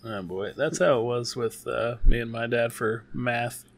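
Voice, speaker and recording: A man's voice: mid-range voice, measured pace, gravelly. A man co-hosting a casual podcast, laid-back with dry humor. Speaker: podcast co-host. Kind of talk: casual chat.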